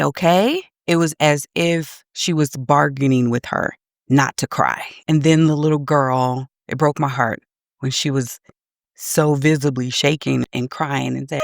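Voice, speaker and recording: A woman's voice: rumbling low, vocal fry, no echo, studio quality. A middle-aged woman and parenting coach giving earnest, reflective advice straight to camera.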